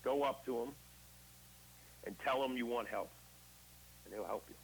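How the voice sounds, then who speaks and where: A man with a medium-pitched voice speaks at a moderate pace as an interview guest, telling his recovery story in an open, conversational way. He recreates past conversations as quoted dialogue, and the low-quality recording has slight background noise.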